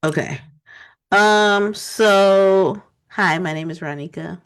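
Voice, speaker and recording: A woman co-hosting a casual online talk show, chatty and relaxed, with frequent quick affirmations. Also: medium pitch, clear, resonant tone. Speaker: co-host. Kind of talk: casual livestream chat.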